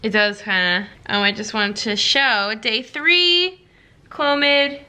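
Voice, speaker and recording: A woman's voice: fairly high pitch, slow pace, background noise. A young woman vlogging casually at home, chatty and full of "like" fillers. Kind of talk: casual personal vlog.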